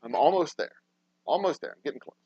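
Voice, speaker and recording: A man hosting a loose livestream chat, his pitch leaping all over the place as he rants and curses. The sound is dry and close, with a dull, lo-fi edge. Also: sing-song, fast, slightly rough, dry recording. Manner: profane, ranting, swings from mumbling to loud outbursts. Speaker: podcast host.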